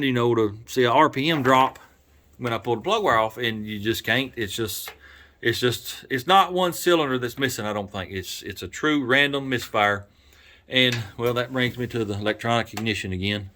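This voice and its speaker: Folksy Southern man thinking out loud. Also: medium pitch. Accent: Southern American. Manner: folksy, rambling, thinks out loud with many fillers. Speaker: garage YouTuber and mechanic. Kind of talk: casual workshop vlog talk.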